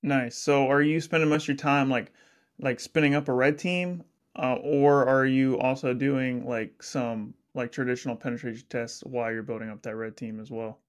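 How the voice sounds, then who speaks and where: An upbeat man hosts a relaxed interview, talking in a chatty, friendly way with a lot of "like" fillers. His voice sits at an everyday middle pitch. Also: normal speed. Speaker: podcast host. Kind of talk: casual interview chat.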